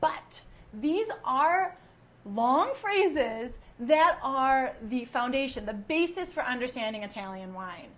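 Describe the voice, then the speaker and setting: A woman's voice: sits high, expressive, takes it slowly, a bit bright. A woman from the United States hosting a casual online wine class, chatty and full of teasing jokes. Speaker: wine educator and host.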